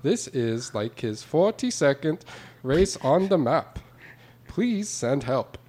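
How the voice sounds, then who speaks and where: A man's voice: on the high side, big pitch swings, takes it slowly, warm tone, voice pushed up, heavily acted. A man reading out a fan's message in a put-on, mock-Canadian voice, raised and sing-song. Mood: wry. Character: male fan writing in, mock-Canadian, wry.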